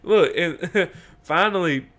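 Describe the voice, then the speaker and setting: Rambling, excitable male sports fan. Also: high-pitched, slow. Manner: rambling storyteller, swearing, gets loud and excited. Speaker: podcast co-host. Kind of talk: casual sports chat.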